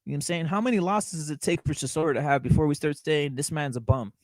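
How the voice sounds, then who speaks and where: A young man hosts a casual boxing chat show, talking fast in a slightly high, darkish voice. Blunt and profane, he repeats himself and calls his viewers brother while reacting to live chat. The recording is dry and rough.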